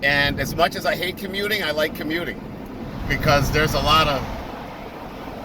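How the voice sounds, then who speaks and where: A man's voice: on the high side, fairly even intonation, unhurried. A man chatting casually while driving in traffic, laughing and telling stories with quoted voices. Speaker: vlogger. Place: car in traffic. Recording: car and road noise. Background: traffic noise.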